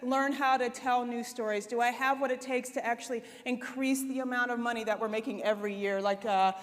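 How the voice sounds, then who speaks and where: A woman giving a conference keynote, talking in a conversational, expressive way with lots of "right?" and "like". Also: fairly high pitch, fairly quick. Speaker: conference speaker. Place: conference hall. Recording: long hall reverb.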